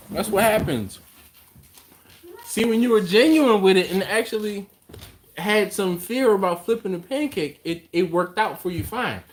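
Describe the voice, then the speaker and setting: A man's voice: very high-pitched, a little hiss or hum. A man with an American accent hosting a casual live stream from a home kitchen, teasing his co-host and reading viewer comments aloud.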